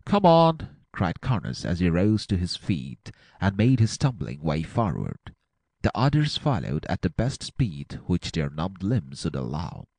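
A man narrating an adventure audiobook with a dramatic, expressive reading. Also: deep voice, a little slow, vocal fry, dry recording.

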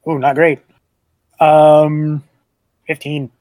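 A man's voice: on the high side, flat delivery, drawn-out words, a little mellow, no room sound. A man playing a character in a tabletop game, joking and eager in casual banter. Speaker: player.

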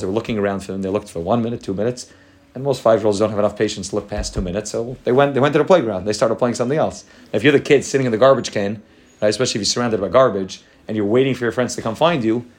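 A man teaching a Torah class at a rapid clip. He reads short Hebrew passages and then explains them in English, often restarting and repeating words. His voice sits at an ordinary middle pitch. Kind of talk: Torah class on a Hasidic text.

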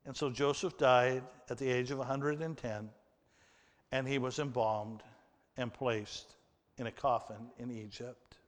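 Slow, emphatic preacher in a reverberant hall. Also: male voice, medium pitch, steady tone. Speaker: pastor. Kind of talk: sermon with scripture reading.

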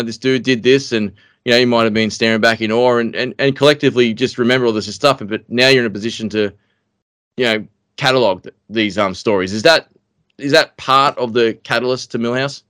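A man's voice: medium pitch, a bit bright, clean tone, no echo, clean studio sound. An Australian man hosting a podcast interview, asking long rambling questions full of fillers. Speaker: podcast host. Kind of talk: casual interview.

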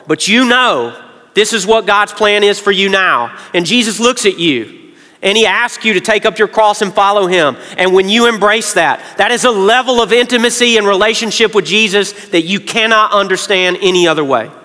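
A man, preaching a sermon to his congregation in an earnest way, going quiet when he gets emotional. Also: high voice, normal speed. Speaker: pastor. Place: large church hall. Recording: reverberant church hall.

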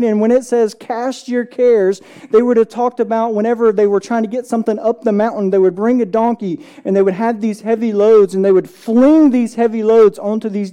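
A pastor preaching a church sermon in a casual, conversational way, often checking in with the congregation and reading scripture slowly. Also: mid-range voice, warm tone. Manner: reads scripture slowly and deliberately.

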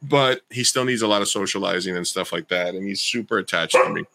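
Casual podcast host, male, lowish voice with a bright edge, rambles and restarts. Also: a little fast, vocal fry, dry recording. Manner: rambling, self-correcting. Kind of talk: casual chat.

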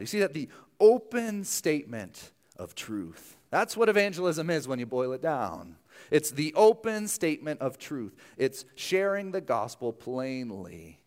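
A young adult male pastor preaching a sermon in a conversational, self-deprecating way, full of asides. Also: mid-range voice.

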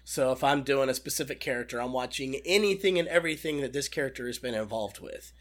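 A young man talking casually in an interview about doing character voices, animated and enthusiastic. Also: medium pitch, fast talker. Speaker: guest voice impressionist.

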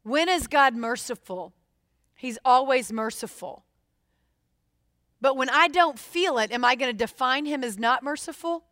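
A woman preaching a sermon, expressive and putting questions straight to her listeners. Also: high-pitched, measured pace, no room sound, studio quality.

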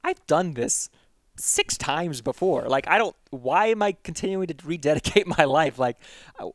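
A man's voice: a little high, animated, normal speed, fairly bright tone, dry recording. Self-deprecating man telling stories, dry mic. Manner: frequent tag "right?" and self-deprecating humor; repeats and restarts words while telling stories. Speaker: podcast guest. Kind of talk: casual personal storytelling.

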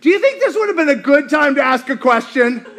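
A male pastor preaching a sermon in a lively, joking way, acting out scenes as he goes. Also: very high voice, brisk. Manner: animated, joking, acts out scenes.

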